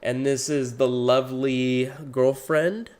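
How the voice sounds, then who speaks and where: A man's voice: mid-range voice, steady tone, slow pace, darkish tone, clear, resonant tone. A man hosting a livestreamed tabletop game, talking in a playful, goofy way. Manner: playful, goofy, laughing a lot. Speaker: host. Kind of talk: casual chat hosting a livestream.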